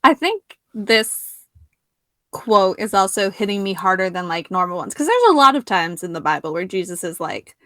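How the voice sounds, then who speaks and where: A woman's voice: medium pitch, sing-song, moderate pace, a bit bright, no room sound, clean studio sound. A woman hosting a podcast conversation, speaking casually with lots of "like" and giving frequent murmurs of agreement. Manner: casual, many "like" fillers, frequent listening murmurs. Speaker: podcast host.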